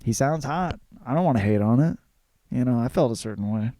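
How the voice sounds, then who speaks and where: A man's voice: mid-range voice, animated, brisk, mellow, dry recording. A man hosting his podcast in a casual, crude, rambling comic monologue with plenty of fillers and cursing. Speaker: podcast host.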